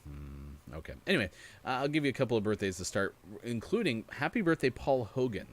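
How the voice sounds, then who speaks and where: A man's voice: medium pitch, big pitch swings, a little fast. A man hosting a gaming morning show, chatting casually and rambling with laughs. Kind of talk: casual chat. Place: studio.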